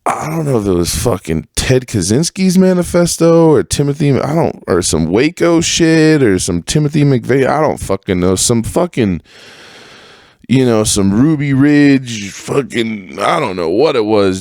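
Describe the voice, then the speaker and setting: A man's voice: on the low side, darkish tone, no room sound, studio quality. A young man hosting a casual podcast monologue, telling a story in a rambling, profane way with lots of fillers and restarts. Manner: profane, rambling, full of fillers and self-corrections. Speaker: podcast host.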